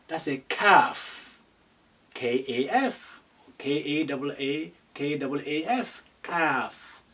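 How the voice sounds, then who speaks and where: A man teaching letters slowly and patiently, repeating each sound many times. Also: on the high side, a bit bright. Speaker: Arabic teacher. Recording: somewhat distant from the mic.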